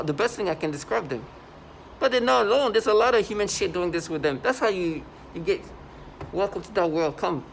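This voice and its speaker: A man's voice: fairly high pitch, brisk, slight background noise. A man talking to his camera in an agitated, indignant monologue, stopping and restarting often. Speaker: vlogger.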